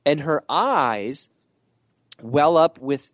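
Man, podcast guest, animated storyteller, mid-pitched voice, dry close mic. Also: dry recording. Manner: animated storyteller, lists in quick rhythmic pairs. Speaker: podcast guest, author and speaker. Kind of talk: storytelling interview answers.

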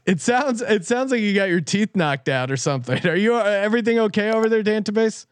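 A man hosting a sports betting podcast in casual chat, teasing his guests and quick to laugh. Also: high-pitched, animated, smooth, no echo. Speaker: podcast host.

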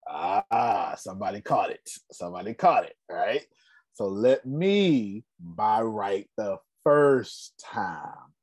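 A man's voice: fairly low pitch, very animated, takes it slowly, a little mellow, dry recording. A man in his forties hosting a casual business talk, telling stories with emphatic repetition and frequent laughs. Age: 40s. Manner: storytelling, laughs often, emphatic. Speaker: host.

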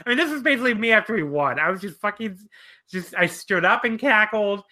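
A man's voice: sits high, expressive, quick pace, sharp tone. A man in casual podcast chat, telling a profane story and laughing often as he talks. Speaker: wrestling podcast speaker.

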